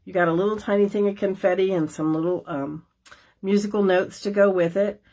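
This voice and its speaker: A woman's voice: mid-range voice, fairly even intonation, brisk, a little mellow. Chatty folksy woman demonstrating crafts. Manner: chatty and folksy, many ums and asides. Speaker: stamping demonstrator hosting a class. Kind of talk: casual craft show-and-tell.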